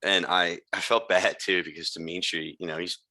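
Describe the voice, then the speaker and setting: Low-voiced laid-back man co-host. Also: flat delivery, moderate pace, bright, forceful tone, dry recording. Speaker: podcast co-host. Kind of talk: casual chat.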